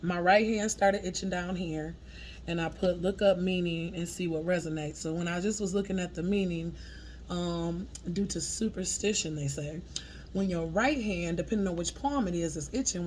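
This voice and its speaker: A woman's voice: lowish voice, a little hiss or hum. A woman sharing channeled spiritual messages in a loose, chatty way, laughing often and swearing casually as she talks through her notes.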